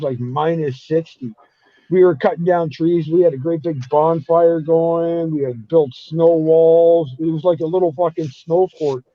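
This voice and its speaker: In dull, dry lo-fi audio with no room sound, a man with a fairly high voice swears his way through cold-weather stories. He's a storytelling guest on a podcast, chatting casually.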